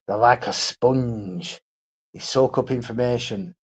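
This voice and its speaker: Man, mid-pitched voice, blunt and profane solo stream rant, repetitive. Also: slow pace, slightly rough. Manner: blunt, profane, repetitive, keeps asking "right?".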